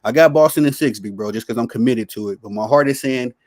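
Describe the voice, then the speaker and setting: Male guest, mid-pitched, easygoing sports banter, dry close sound, chuckles a lot. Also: fast talker, no echo. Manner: relaxed, easygoing, laughs a lot. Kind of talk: casual sports chat.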